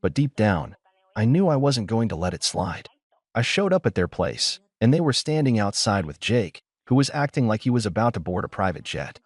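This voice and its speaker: A man narrating a first-person story in a steady, measured way. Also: fairly low pitch, dry recording.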